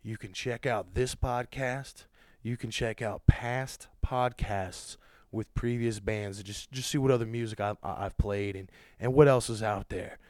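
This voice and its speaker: Podcast host, man, low-voiced and furious, swears through a dry-sounding rant. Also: fairly even intonation, unhurried, no room sound. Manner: loud, cursing, ranting, angry.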